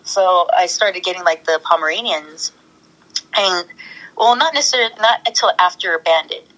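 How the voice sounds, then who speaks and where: A woman's voice: on the low side, normal speed, a bit bright, dull audio. A middle-aged woman chatting as an interview guest, gushing and laughing often as she talks. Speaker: guest, former pro wrestler. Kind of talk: casual interview chat.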